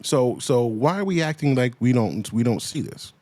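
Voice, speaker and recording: A man's voice: mid-range voice, expressive, moderate pace, warm tone, no echo. Heated, swearing man on a rant. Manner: profane, heated, repeats himself; asks pointed questions. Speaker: commentator. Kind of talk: ranting commentary.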